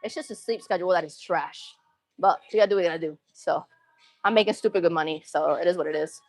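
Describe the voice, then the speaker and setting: A woman's voice: on the low side, fast talker, no echo, soft background music. Laid-back female streamer chatting to her viewers from the gym, dry sound. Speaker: livestreamer answering chat. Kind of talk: casual live chat. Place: gym, between exercise sets.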